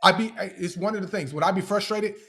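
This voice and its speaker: A man's voice: sits high, quick pace, vocal fry, a bit bright. Heated, profane man ranting on a live stream. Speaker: livestreamer addressing critics. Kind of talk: angry live-stream rant.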